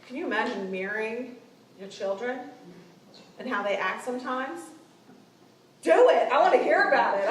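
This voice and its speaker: Animated woman speaking in a roomy hall. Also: a little high. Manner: conversational, animated, acts out quoted lines. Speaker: seminar speaker on client relations. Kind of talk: casual seminar talk to a team. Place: meeting room with an audience. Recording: roomy room sound, distant mic, faint noise.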